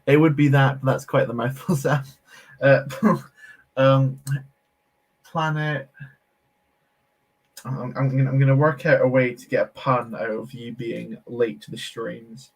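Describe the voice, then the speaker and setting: A man's voice: medium pitch, steady tone, measured pace, gravelly, long pauses. A man hosting a casual live stream while building, chatting, reading comments aloud and laughing often. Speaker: Lego streamer.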